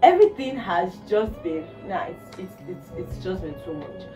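A young woman, venting in a casual vlog with exasperated, animated talk and bursts of laughter. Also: mid-range voice, normal speed. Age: young adult. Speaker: vlogger. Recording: roomy, distant phone recording with music.

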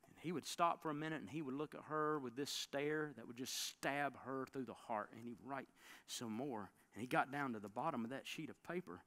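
A man preaching a sermon as a pastor, telling a story with dramatic swings between loud bursts and hushed lines. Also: medium pitch, a little fast. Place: church sanctuary.

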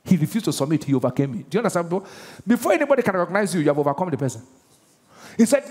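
With a high, darkish voice, a Nigerian pastor preaches very fast and very animatedly, emphatically firing questions at his congregation. The sermon takes place in a large church auditorium, and the recording carries the hall's long reverb.

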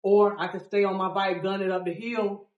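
Animated woman biker telling a story. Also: medium pitch, normal speed, reverberant, distant mic, narrow, tinny audio. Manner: dramatic, acts out quotes, swings from loud to hushed. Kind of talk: animated storytelling in a group interview.

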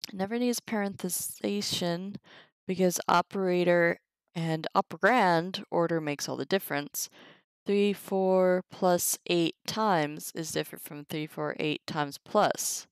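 A woman reading through a Latin textbook on a live stream, sounding out the Latin slowly and chatting casually to viewers between sentences. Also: lowish voice, steady tone, smooth, no echo, poor audio. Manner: reads Latin aloud slowly, chatty asides. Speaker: streamer teaching herself Latin.

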